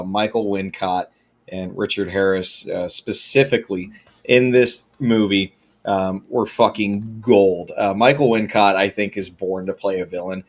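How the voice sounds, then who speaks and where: A man co-hosting a casual movie review podcast, talking bluntly with lots of swearing. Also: deep voice. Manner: blunt, profane, animated. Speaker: podcast co-host. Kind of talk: casual chat.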